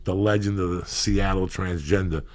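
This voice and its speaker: A man hosting a podcast, telling profane comedic stories in rambling anecdotes with loud bursts of emphasis. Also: deep voice, steady tone, normal speed. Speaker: podcast host.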